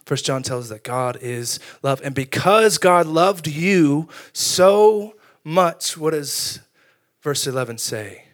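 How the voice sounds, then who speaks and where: A young man preaching a sermon, telling funny stories about himself with lively energy. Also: fairly high pitch, slow. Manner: animated storytelling with self-deprecating humor. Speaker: youth pastor.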